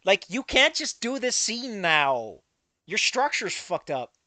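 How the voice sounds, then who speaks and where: A man's voice: sits high, big pitch swings, takes it slowly, bright, forceful tone, no echo. A man giving casual, sarcastic read-along commentary on a fan fiction, exasperated and swearing often.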